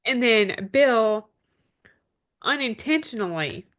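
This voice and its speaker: A woman's voice: on the high side, animated, takes it slowly, fairly bright tone. Woman recapping scenes on a podcast. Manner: recaps scenes step by step, frequent yeahs. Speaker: podcast co-host. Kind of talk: casual TV episode recap.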